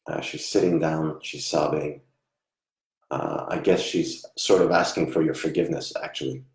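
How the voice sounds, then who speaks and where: A man giving a live online psychic reading, soft-spoken and halting, often trailing off quietly. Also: a bass voice, fairly even intonation, vocal fry. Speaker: psychic medium. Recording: echoey room.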